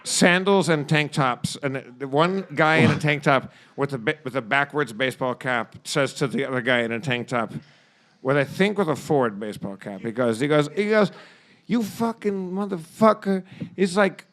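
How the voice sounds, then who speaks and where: A man's voice: medium pitch, normal speed, a bit bright. A man co-hosting a podcast, telling a rambling comic story full of restarts and swearing. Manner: rambling, profane, stammering restarts. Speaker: podcast co-host. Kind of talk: casual comedic storytelling.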